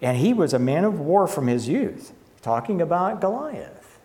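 A man teaching a Bible lesson, reading scripture aloud and commenting, often halting and correcting himself. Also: on the high side, very animated, a little mellow.

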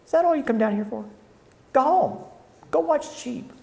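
A man voicing an angry, scornful older brother who mocks and shouts while reading a scripture story aloud. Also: extremely high pitch, lively intonation, normal speed, vocal fry, pitched above the performer's own voice, exaggerated voice.

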